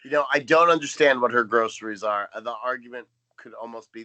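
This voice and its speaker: A man's voice: mid-range voice, quick pace, few pauses, sharp tone. A man co-hosting a podcast in casual chat, making dry, joking asides. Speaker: podcast co-host.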